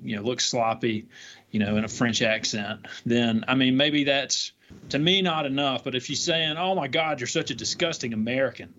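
Chatty male lawyer on a podcast. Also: medium pitch. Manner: animated, chatty, hedges with frequent fillers. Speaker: defense lawyer, podcast co-host. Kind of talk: conversational legal podcast discussion. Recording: dull lo-fi audio with faint noise.

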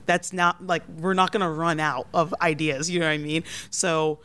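A woman's voice: low voice, steady tone, normal speed, fairly bright tone, clear, resonant tone. A woman food writer talking animatedly in an interview, using lots of fillers. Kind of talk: casual interview talk. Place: restaurant back dining room.

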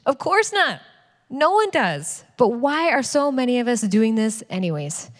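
A middle-aged woman co-preaching a sermon with her husband, earnest and quick to laugh. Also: on the high side, big pitch swings. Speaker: pastor's wife, co-preacher. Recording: long hall reverb.

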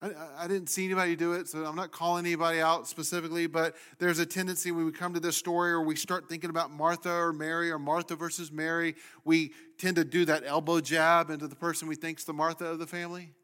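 A male pastor preaching a sermon, swinging from loud emphasis down to hushed, near-whispered lines. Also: on the high side, level tone, fast talker, hardly any pauses, clear, resonant tone.

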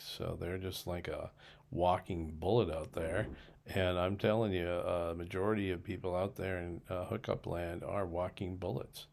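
A man's voice: low-pitched, vocal fry, a little mellow. An older man hosting a podcast, giving frank, conversational advice to listeners. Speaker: podcast host. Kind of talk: casual advice segment.

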